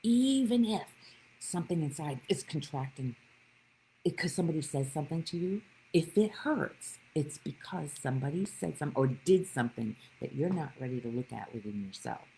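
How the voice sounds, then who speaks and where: A woman's voice: low-pitched, lively intonation, moderate pace, creaky, warm tone, a little hiss or hum, rough recording. A woman giving a live-streamed spiritual talk, telling stories with animation and greeting viewers by name. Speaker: spiritual teacher.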